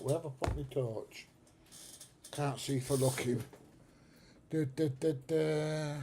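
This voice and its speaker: There's vocal fry and a dark tone in this middle-aged man's medium-pitched voice, with a little hiss or hum in the recording. He runs a casual livestream, talking with viewers, laughing at his stories and swearing once in a while.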